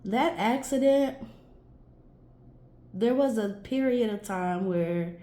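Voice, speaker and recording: Slow musing woman reading tarot. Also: fairly high pitch, mellow, reverberant. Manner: musing, talks to herself and viewers, stretches words. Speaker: tarot reader. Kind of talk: casual tarot reading monologue.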